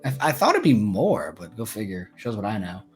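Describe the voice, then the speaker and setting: A man in his twenties co-hosting a podcast, chatting casually in a blunt, swearing, animated way. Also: lowish voice, fairly quick, soft background music. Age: 20s. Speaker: podcast co-host. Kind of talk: casual chat.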